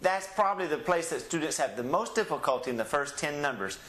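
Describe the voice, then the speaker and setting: A man's voice: a little high, lively intonation, a bit bright, reverberant. A man with a Southeast Texas accent teaching a Spanish lesson, drawing out each word and having learners repeat after him. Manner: slow, drawn-out enunciation with call-and-repeat drills. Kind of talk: classroom-style language lesson.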